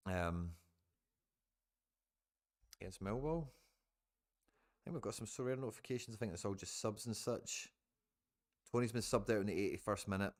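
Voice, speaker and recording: A man's voice: on the low side, normal speed, long pauses. A man with a Scottish accent giving chatty live commentary on a football match to his stream viewers, now and then swearing.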